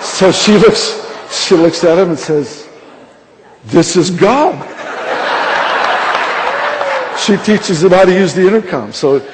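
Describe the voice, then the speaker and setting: A man preaching a sermon, telling a lively, humorous story to a congregation from a stage microphone. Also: high voice, normal speed, hardly any pauses, over a noisy crowd. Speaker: pastor. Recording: reverberant large hall with faint noise.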